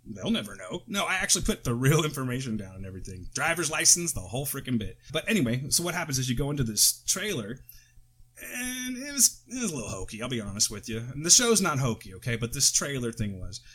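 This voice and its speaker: A man's voice: mid-range voice, sing-song, fast talker, a bit bright, slightly rough. Rambling American man on a podcast. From United States. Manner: rambling, with tangents and self-corrections. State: coughing. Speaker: podcast co-host. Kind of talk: casual chat. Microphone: close podcast mic.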